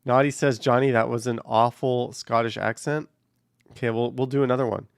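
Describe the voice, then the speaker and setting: Gravelly man chatting from a car. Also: mid-range voice, normal speed, dry recording, clean studio sound. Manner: offhand, rambling, hedges with "I don't know". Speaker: livestream host. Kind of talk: casual live chat, reading viewer comments. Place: in a car while driving on a highway. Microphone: camera on a car mount.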